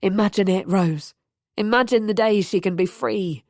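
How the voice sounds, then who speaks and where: A woman's voice: medium pitch, normal speed, a little mellow, no echo, clean studio sound, close to an everyday voice. A woman doing a coaxing, confident young man.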